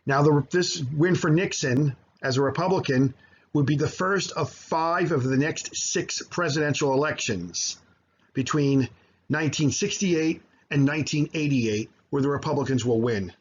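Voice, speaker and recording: A man's voice: fairly high pitch, normal speed, slight background noise. Man, teacher, recorded slideshow lecture, filler-heavy explaining, lo-fi sound. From United States. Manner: explanatory, with frequent fillers and self-corrections. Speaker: high school history teacher.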